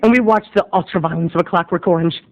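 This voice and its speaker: A video blogger telling a childhood story in an animated, theatrical way. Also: male voice, high-pitched, fast, highs cut off. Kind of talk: comic storytelling vlog.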